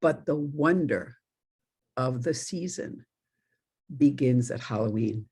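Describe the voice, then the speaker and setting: A woman's voice: very deep voice, animated, slow, mellow, breathy edge. A middle-aged woman minister from New York giving a conversational sermon, telling stories with laughing asides. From New York, USA.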